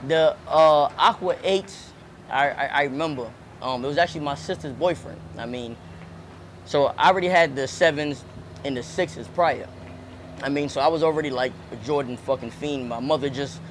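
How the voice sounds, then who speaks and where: A young man telling a childhood story in a casual interview, animated and profane, repeating words as he goes. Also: medium pitch, moderate pace, slight background noise. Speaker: rapper and comedian, interviewee.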